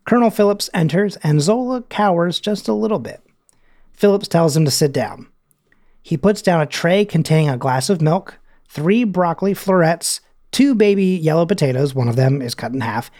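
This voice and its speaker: A man's voice: on the high side, a little mellow. A man hosting a podcast, casually recapping a movie scene and reading lines aloud with his own asides. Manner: chatty, reads scene quotes aloud with asides. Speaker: podcast host.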